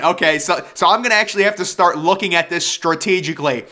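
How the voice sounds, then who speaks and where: A man's voice: high voice, fast talker, pushed and bright. A young man talking casually through his basketball bracket picks in a playful, hyped-up way. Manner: hyped, jokey self-proclaimed bracket expert. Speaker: sports bracket predictor. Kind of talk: casual sports prediction vlog.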